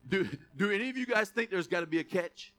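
Bright, conversational male pastor. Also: high voice, expressive, quick pace. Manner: conversational preaching, rising to emphatic calls. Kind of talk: sermon.

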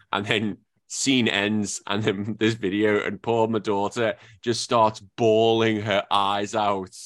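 A man hosting a casual podcast chat, talking animatedly and breaking into high-pitched impressions. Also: level tone, unhurried, few pauses, a bit bright, no echo, clean studio sound. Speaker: podcast host.

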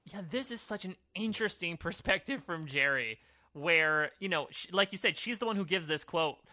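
Male podcast guest, slightly high, very bright tone, thoughtful casual analysis. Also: lively intonation, moderate pace, dry recording, studio quality. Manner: thoughtful, talkative, many likes and you knows. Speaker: podcast co-host. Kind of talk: casual chat analyzing a reality show.

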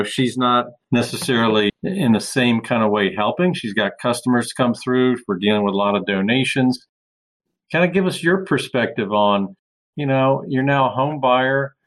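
A man's voice: medium pitch, low-quality recording. A man hosting a podcast interview, asking friendly, encouraging questions. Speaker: podcast host.

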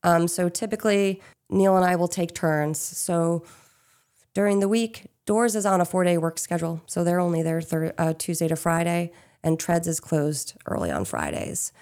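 A woman's voice: on the low side, normal speed, darkish tone. A woman from Pennsylvania who owns a small business, answering interview questions in a chatty, casual way with frequent "um" and "you know". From Chester County, Pennsylvania.

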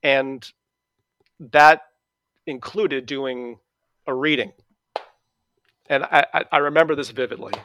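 A middle-aged man with a New England accent tells stories in relaxed conversation, stopping often on fillers and restarts. His voice sits at an everyday pitch and sounds dry and close to the mic. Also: takes it slowly, pauses often, no room sound. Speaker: interview guest. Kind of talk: conversational reminiscing.

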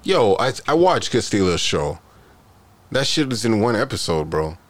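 A man's voice: on the low side, big pitch swings. A young man hosting a casual podcast, asking rambling questions full of fillers. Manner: drawn-out questions, lots of fillers. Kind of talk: casual joking chat.

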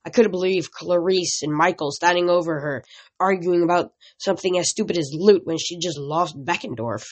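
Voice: mid-range voice, normal speed. Amateur audiobook narrator, plain first-person reading, a few stumbles. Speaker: audiobook reader.

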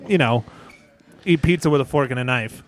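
A man co-hosting a podcast in a bar, teasing his friend in quick casual banter. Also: medium pitch. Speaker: podcast co-host. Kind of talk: casual chat. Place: bar, indoors.

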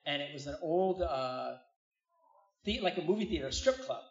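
A man's voice: on the high side, moderate pace. Middle-aged man preaching in a roomy hall. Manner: animated storytelling with asides to the congregation. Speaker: pastor. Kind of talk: sermon. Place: church hall. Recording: roomy, distant, dull church recording.

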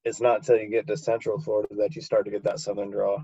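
A man's voice: on the low side, completely flat delivery, quick pace, muffled recording, a crowd in the background. A man in casual conversation, joking and bantering easily. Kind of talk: casual chat.

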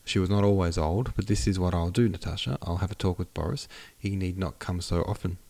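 A man reading the lines of a fond aristocratic mother in an audiobook, admonishing gently and patiently. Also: deep voice, fairly even intonation, fairly quick, creaky. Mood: gently scolding.

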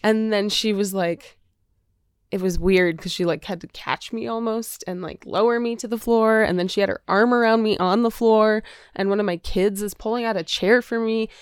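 A woman's voice: medium pitch, steady tone, normal speed, clear, resonant tone, no room sound, studio quality. A woman co-hosting a podcast, chatting candidly and often laughing. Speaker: podcast co-host. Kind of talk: casual chat.

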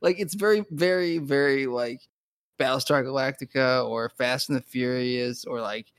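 A man's voice: medium pitch, normal speed, clean tone, dry recording. A man chatting casually as a podcast co-host, rambling with frequent restarts and laughter. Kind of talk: casual chat.

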